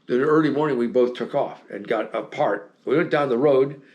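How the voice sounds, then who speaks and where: A man's voice: mid-range voice, normal speed, darkish tone, lo-fi sound. Rambling older American man telling war stories. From United States. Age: 70s. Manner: rambling anecdotes with many restarts and fillers; chuckles often while telling stories. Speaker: interview guest. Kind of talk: casual storytelling interview.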